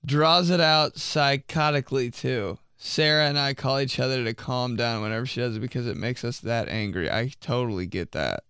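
A man's voice: mid-range voice, normal speed, hardly any pauses, a bit bright, smooth, dry recording, studio quality. A young man reading out viewer messages for a comedy vlog, mock-outraged and swearing, laughing often. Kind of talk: casual comedic commentary.

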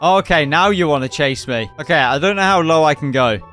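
An excitable man talks through his own game run, joking with the creatures and villagers he meets. His voice sits a little higher than most men's. Soft background music plays faintly underneath. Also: brisk. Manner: chatty, excitable, jokey asides to the game. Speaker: gaming YouTuber. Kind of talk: playful gameplay commentary.

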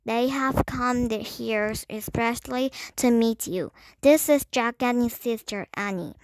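A woman voicing a commanding old king in a read-aloud storybook, speaking in a regal, booming way. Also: measured pace, a little mellow, a little hiss or hum, low-quality recording. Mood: welcoming.

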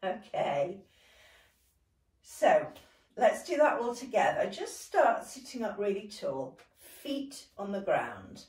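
A young British woman leading a gentle seated movement session. She laughs often and talks in an encouraging way. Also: medium pitch, big pitch swings, takes it slowly. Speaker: dance and movement workshop leader. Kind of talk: gentle guided exercise session. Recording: echoey room, voice from a distance.

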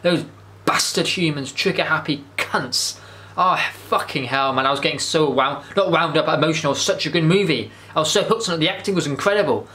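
Guy vlogging, gushing and rambling, talks fast, bright tense tone. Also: fairly high pitch. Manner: rambling and enthusiastic, with frequent restarts and swearing. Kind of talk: casual movie review monologue.

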